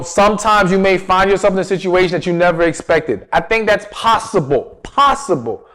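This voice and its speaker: Man, relationship coach, high voice, emphatic, asks and answers own questions. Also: a bit bright. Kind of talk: direct-to-camera advice talk.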